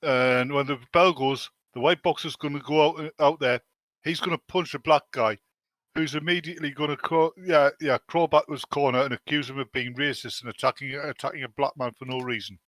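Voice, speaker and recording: A man's voice: fairly high pitch, fairly even intonation, a little fast, fairly bright tone, no room sound. A man co-hosting a podcast, making dry, sardonic jokes in casual chat. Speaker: podcast co-host.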